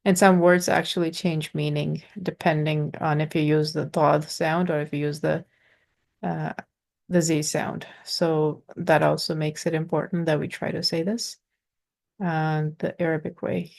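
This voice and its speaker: A woman teaching pronunciation in an informal lesson, patiently explaining with halting pauses and sounding out letters. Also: deep voice, level tone, vocal fry, a little mellow.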